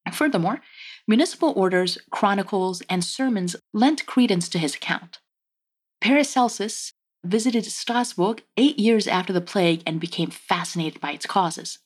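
A woman's voice: medium pitch, slightly rough. A woman hosting a casual history podcast, telling the story with wry, joking asides. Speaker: podcast host.

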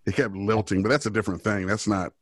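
Male podcast co-host, lowish pitch, dry recording; loose, cursing, rambling storyteller. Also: steady tone, fast talker, dry recording. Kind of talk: casual podcast chat.

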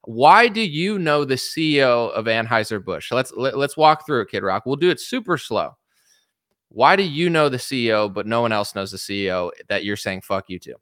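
A man's voice: medium pitch, expressive, normal speed, fairly bright tone, dry recording, clean studio sound. A man giving a sarcastic, mocking, profane rant as an online commentator. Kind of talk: ranting commentary.

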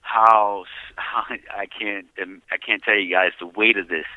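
A man giving an earnest, heavy personal testimony by phone from prison, often dropping to a hushed voice. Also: fairly low pitch, steady tone, a little slow, few pauses, no room sound. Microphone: prison payphone handset. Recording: dull dry phone-call audio.

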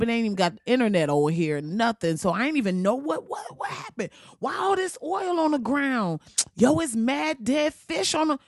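A man's voice: extremely high pitch, no room sound, clean studio sound, pitched above the performer's own voice, exaggerated voice. A man doing a bewildered ex-president. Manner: incredulous, coughing, rapid questions. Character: bewildered ex-president man, returning to a ruined world.

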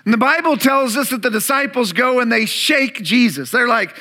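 A man preaching a sermon as pastor, animated, acting out voices to an audience in a church room. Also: very high voice, normal speed, hardly any pauses. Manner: animated preaching, acts out disciples' panic and Jesus' calm.

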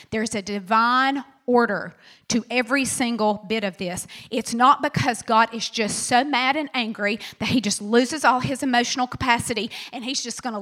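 Animated bright-voiced woman pastor preaching. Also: on the high side. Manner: animated, conversational preaching with acted-out quotes. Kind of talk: sermon.

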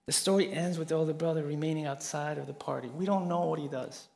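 A man's voice: fairly high pitch, steady tone, quick pace, vocal fry. Earnest man preaching a sermon. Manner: earnest storytelling, swings from soft to emphatic.

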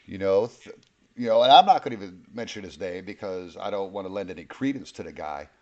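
Low-voiced podcast man, agreeable. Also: animated, fairly quick, darkish tone. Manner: brief agreeing responses. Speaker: podcast co-host. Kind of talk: casual podcast chat. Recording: slightly dull lo-fi sound.

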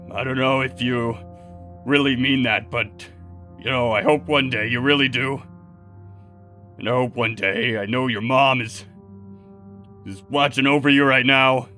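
A guilt-ridden, grieving guardian, played by a man, talks in halting, choked apologies. His voice is bright and forceful at a middle pitch, with music playing softly behind. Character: remorseful grieving male guardian, tender and guilty.

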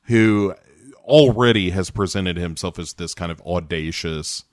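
A man's voice: deep voice, measured pace, dry recording, clean studio sound. A man casually retelling a TV episode on a podcast, acting out the characters' lines and swearing freely. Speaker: podcast co-host recapping a TV episode. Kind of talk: casual chat.

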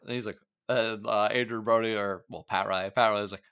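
A man co-hosting a podcast, chatting casually and laughing through quick asides. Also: fairly low pitch, steady tone, fairly bright tone, clear, resonant tone, dry recording, clean studio sound. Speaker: podcast co-host.

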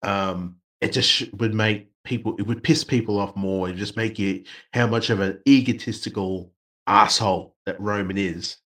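A man's voice: on the low side, fairly even intonation, moderate pace, fairly bright tone. A man co-hosting a casual wrestling chat, playful and swearing freely, slipping into mocking voices. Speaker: podcast co-host.

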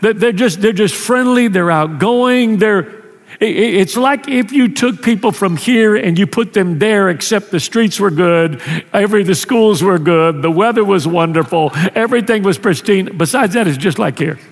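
Preacher guy, kinda high voice, chatty sermon w lots of restarts, long church reverb. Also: normal speed. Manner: conversational preaching with repeated restarts. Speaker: pastor. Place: church sanctuary.

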